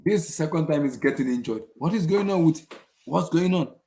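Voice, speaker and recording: A man's voice: fairly high pitch, animated, fairly quick, dark tone, a little hiss or hum. Exasperated young man ranting about football. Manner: exasperated, repeats himself, rhetorical questions. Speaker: football channel host. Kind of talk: casual post-match rant.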